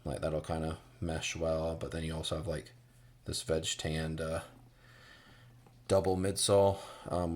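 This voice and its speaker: An American man giving a casual boot review, rambling with many fillers and restarts. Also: sits low.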